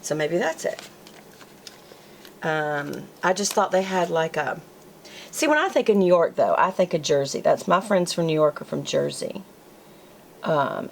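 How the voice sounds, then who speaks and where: A woman's voice: low-pitched, gravelly, a little hiss or hum, poor audio. Southern woman chatting while she crafts. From American South. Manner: chatty, talks to herself as she works. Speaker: planner vlogger. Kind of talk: casual chat while crafting.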